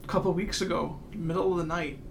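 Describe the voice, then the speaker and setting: Gravelly-voiced man telling stories. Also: on the high side, fairly even intonation, fairly quick. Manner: anecdotal, swears casually. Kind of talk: casual podcast chat. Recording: noisy background.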